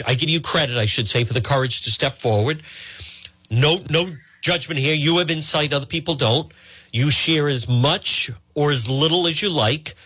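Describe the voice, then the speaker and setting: A man's voice: medium pitch, pushed and bright, breathy edge, no echo. A man hosting a live talk show, speaking earnestly and often restarting his phrases. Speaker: host.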